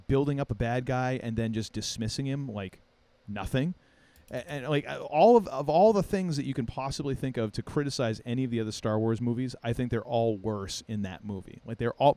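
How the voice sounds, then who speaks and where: Animated male podcast host. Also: mid-range voice. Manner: animated, playfully contrarian, many restarts. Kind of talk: casual podcast chat.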